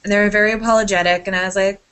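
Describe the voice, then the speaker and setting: A woman's voice: medium pitch, steady tone, racing, fairly bright tone, clean tone. A woman in casual podcast chat, telling a rambling, sidetracked story with casual swearing and a lot of apologizing.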